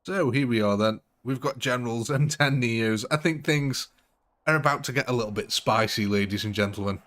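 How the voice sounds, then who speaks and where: A man's voice: mid-range voice, brisk, fairly bright tone. A man chatting casually while live-streaming a game late at night, chuckling often. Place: home at night.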